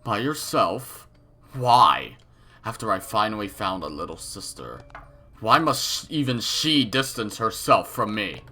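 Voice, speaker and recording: A man's voice: fairly low pitch, very animated, unhurried, pushed and bright, full character voice. A man with a cold voicing a creepy, menacing young male villain in a game reading, with sinister laughs. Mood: pleading. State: has a cold.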